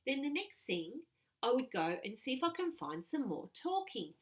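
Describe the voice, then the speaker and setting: A woman teaching a lesson to young children, patient and clear. Her pitch moves a lot as she talks, animated and bouncy, and she reads example sentences aloud with expression. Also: normal speed.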